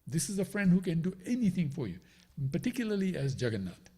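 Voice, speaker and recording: Husky man teaching scripture, lively pitch. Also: fast. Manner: explains each line, asks listeners "right?" often. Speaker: spiritual teacher. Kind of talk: devotional scripture class.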